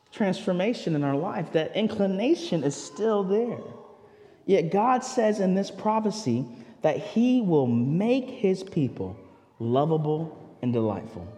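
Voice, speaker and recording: Animated high-voiced male preacher. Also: in a large hall. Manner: animated preaching, swells loud then drops to near hush; conversational asides, repeats words as he goes. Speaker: pastor. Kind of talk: sermon. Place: church sanctuary.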